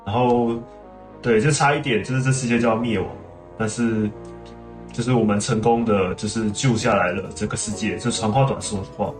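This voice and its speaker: A man's voice: fairly low pitch, steady tone, fairly quick. A man streaming a game, chatting casually and explaining things at length. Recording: roomy room with game music.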